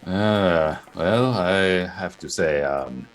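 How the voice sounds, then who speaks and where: A man's voice: deep voice, extremely slow, soft background music. A man playing a tabletop game, easygoing and hesitant. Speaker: player. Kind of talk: casual chat at a game table.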